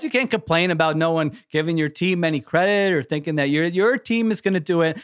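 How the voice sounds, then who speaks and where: A man's voice: a little high, fairly bright tone, smooth. A man co-hosting a sports podcast, talking in an emphatic, opinionated way with sarcastic asides. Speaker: podcast co-host. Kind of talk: casual sports chat.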